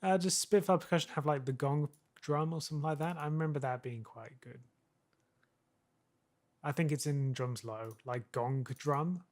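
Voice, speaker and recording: A man's voice: on the high side, moderate pace, darkish tone. A man chatting casually with a colleague in a studio, rambling with many fillers. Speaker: co-host and fellow composer. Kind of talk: casual working chat. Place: music studio. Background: music playback.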